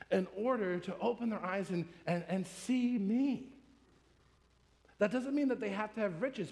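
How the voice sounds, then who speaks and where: High-voiced man preaching in a reverberant hall. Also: darkish tone. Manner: conversational, emphatic teaching with rhetorical questions. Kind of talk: sermon.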